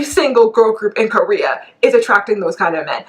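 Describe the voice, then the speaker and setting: A woman in her twenties ranting casually to camera as a K-pop vlogger, animated and indignant, rambling and laughing between points. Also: mid-range voice, moderate pace, hardly any pauses, low-quality recording. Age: 20s.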